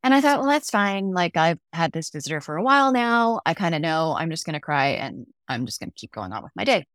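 A middle-aged woman appears as a podcast guest in conversational interview storytelling, reflecting on personal stories and acting out the dialogue she quotes. Her low-pitched voice is very animated, brisk and a bit bright. The studio recording is clean, with no echo.

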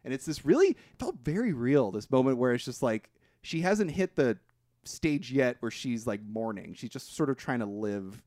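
A man's voice: medium pitch, very animated, moderate pace, darkish tone, no room sound, clean studio sound. A man co-hosting a podcast, retelling a film's plot in casual chat, swearing freely and restarting his sentences. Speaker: podcast co-host. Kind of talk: casual movie recap chat.

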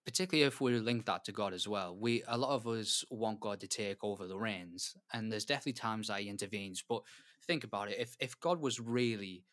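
An English man hosting a casual faith discussion, thoughtful and halting with fillers. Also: on the low side, fairly bright tone. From England.

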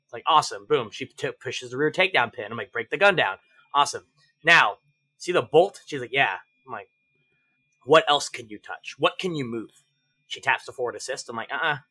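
A man as a podcast guest, telling stories animatedly, swearing freely and acting out shouted range commands. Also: medium pitch, lively intonation, fast, breathy edge. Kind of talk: casual interview chat.

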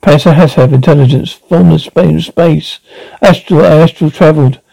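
Guy reading as a frail ancient abbot, gravelly and dark, words breaking up. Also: on the high side, no room sound, low-quality recording. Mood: pleading. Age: older. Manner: halting, broken phrases. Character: frail ancient male abbot, weary and urgent.

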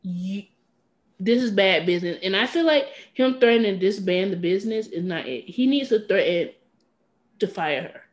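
A woman co-hosting a podcast in casual chat, animated and playfully petty, who often acts out what others might say. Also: medium pitch, moderate pace. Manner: animated, acts out quoted lines with playful pettiness. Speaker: podcast co-host.

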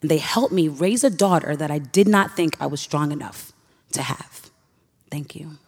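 A woman's voice: low-pitched, normal speed, noisy background. A young woman from Queens, New York, telling a personal story on stage in an earnest, emotional way with sighs. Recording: reverberant hall.

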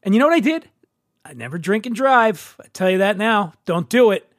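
Animated higher-voiced man telling a story. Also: fairly quick, no room sound, studio quality. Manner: animated, acts out dialogue with shifting pitch. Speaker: podcast host telling a story. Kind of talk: casual storytelling. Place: brewery.

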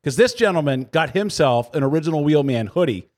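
A man's voice: fairly high pitch, lively intonation, fairly quick, darkish tone. Joking man mock-ranting on a chat show. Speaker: podcast co-host. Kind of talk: casual chat.

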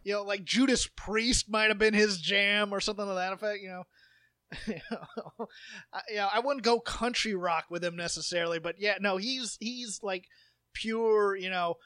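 A man co-hosting a podcast in casual chat, rambling and animated, slipping into mocking impressions. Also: high-pitched, moderate pace, no echo, studio quality. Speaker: podcast co-host.

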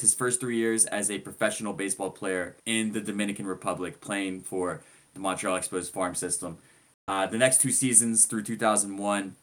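A man with a fairly low voice talks through a sports career as a podcast co-host. He rambles eagerly and keeps a casual, chatty tone. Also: a bit bright.

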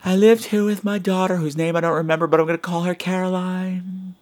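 A man doing a hushed, creepy old woman. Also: sits high, steady tone, brisk, natural voice. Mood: spooky. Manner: hushed, dramatic storytelling. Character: creepy old woman telling a dark family secret.

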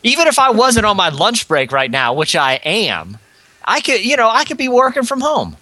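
Bright, joking male co-host. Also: high voice, huge pitch swings, moderate pace, dry recording. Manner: joking, rambling with restarts. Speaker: podcast co-host. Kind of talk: casual studio podcast chat.

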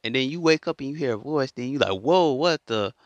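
A man's voice: medium pitch, fast, no room sound, lo-fi sound. A man telling a story in a casual monologue, rambling and repeating himself as he goes. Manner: rambling and repetitive, restarts a lot. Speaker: vlogger.

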